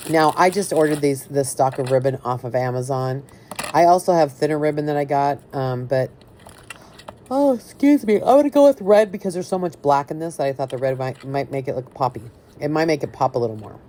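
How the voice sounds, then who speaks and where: Chatty low-voiced woman crafting. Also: a little mellow, slight background noise. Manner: chatty, enthusiastic, addresses viewers as "you guys". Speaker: craft video host. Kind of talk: casual craft tutorial.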